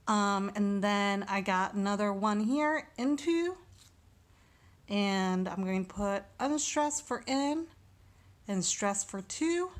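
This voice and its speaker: Female teacher, unhurried and deliberate, mid-pitched, talks through a lesson step by step. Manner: slow and deliberate, sounding out syllables. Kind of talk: recorded lesson walkthrough.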